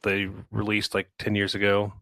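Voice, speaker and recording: A man reading trivia questions in a casual online group audio chat, relaxed, clearing his throat now and then. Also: on the low side, moderate pace, no room sound. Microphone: online audio room microphone.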